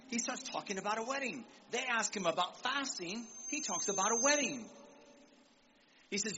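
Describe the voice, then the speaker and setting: An animated male preacher delivering a sermon to young people, with a high, bright voice. He calls out for amens and acts out quotes as he goes. The recording sounds a bit muffled, with a faint hiss behind him. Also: moderate pace. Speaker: visiting preacher. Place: church service in Nigeria.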